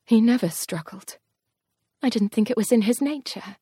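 A woman's voice: fairly high pitch, normal speed, husky, no echo, clean studio sound. A woman narrating a first-person fantasy story in an audiobook, telling it expressively. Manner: expressive, tense storytelling pace shifts.

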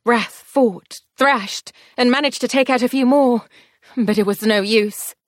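A woman's voice: on the high side, measured pace, no room sound, clean studio sound. A woman narrating a first-person fantasy story in an audiobook, telling it expressively. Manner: expressive, tense storytelling pace shifts.

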